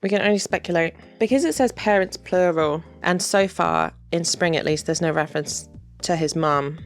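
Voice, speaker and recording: A woman's voice: lowish voice, normal speed, vocal fry, soft background music. A woman giving chatty commentary on game dialogue, laughing often and adding wry asides. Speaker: video creator.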